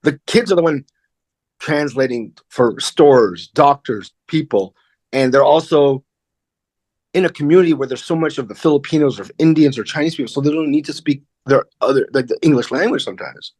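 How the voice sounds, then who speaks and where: A middle-aged man, a comedian guest, telling a personal story in a candid, animated way and acting out the voices of the people in it. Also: medium pitch, normal speed, dry recording. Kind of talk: casual interview storytelling.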